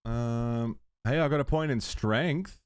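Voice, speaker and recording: A man's voice: mid-range voice, slow, clean tone. A man streaming a game live, chatting casually with his viewers and fussing at his cat as he plays. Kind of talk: casual livestream chat.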